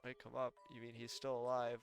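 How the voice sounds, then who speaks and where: A man reading as a spirited teenage girl, flat. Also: mid-range voice, brisk, soft background music, close to an everyday voice. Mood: deadpan.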